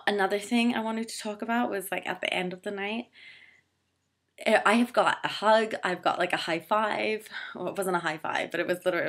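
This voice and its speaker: A young woman talks straight into her camera in a loose, chatty vlog. Her voice sits a little on the low side, and she fills it with ums and likes. She keeps teasing herself as she rambles along. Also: vocal fry, fairly bright tone. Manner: chatty, filler-heavy, self-deprecating. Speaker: vlogger. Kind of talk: casual talk to camera. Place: Toronto.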